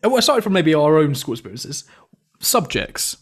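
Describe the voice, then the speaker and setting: A man's voice: on the high side, very animated, moderate pace, breathy edge. A young British man hosting a podcast, telling stories in casual banter and teasing his guest with a chuckle. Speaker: podcast host.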